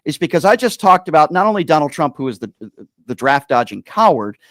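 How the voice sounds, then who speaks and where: A man's voice: on the high side, very animated, a little fast, dry recording. A man calling in to debate the host, combative and interrupting, who keeps hammering his points by saying the host's name again and again. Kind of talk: heated call-in debate.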